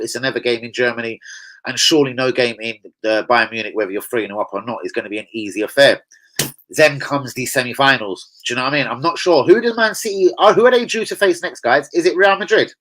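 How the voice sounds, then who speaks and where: Swearing lad on a live stream. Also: male voice, medium pitch, quick pace, fairly bright tone, poor audio. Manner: swearing, chatty, laughs often, answers chat. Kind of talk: casual live stream chat.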